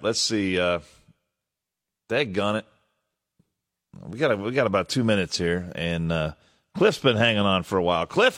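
A man's voice: lowish voice, a bit bright, long reverb tail. A man hosting a morning call-in radio talk show, casual and folksy as he chats with callers.

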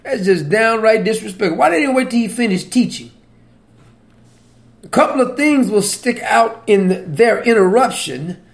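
High-voiced preacher, chatty and teasing. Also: male voice, lively intonation, normal speed, creaky. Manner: conversational, asks the audience questions, laughs at his own points. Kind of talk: sermon.

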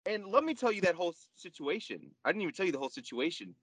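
A young man on a podcast, telling a story in an animated, exasperated way and swearing freely. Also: high-pitched, rapid-fire, slightly rough, no echo, low-quality recording. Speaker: podcast co-host. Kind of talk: casual chat.

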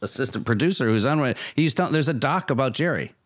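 A man's voice: medium pitch, lively intonation, fast. A man hosting a casual podcast, rambling and stumbling over his words. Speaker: podcast host. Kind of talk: casual chat.

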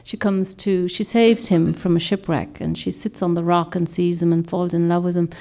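A woman author gives a reflective, rambling talk to a group, often searching for words and restarting her sentences. Her voice is on the low side, steady and dark, at a normal speed.

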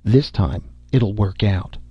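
A man reading the part of an aging, fearful man who speaks softly and pleadingly, in a dull recording. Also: lowish voice, slow, husky, no echo. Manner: soft, pleading. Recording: dull muffled audio.

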